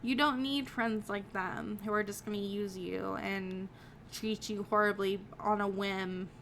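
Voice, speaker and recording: A woman's voice: mid-range voice, steady tone, unhurried, a bit bright, a little hiss or hum. A young woman streaming a story game live, reacting emotionally and swearing at times. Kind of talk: live game playthrough commentary.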